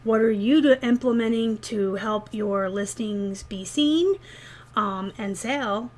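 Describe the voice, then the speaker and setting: A woman's voice: mid-range voice, slow pace, a little mellow. A woman, talking chattily and sarcastically to viewers in a rambling vlog about her reselling business. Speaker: eBay reseller vlogger. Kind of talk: casual vlog talk.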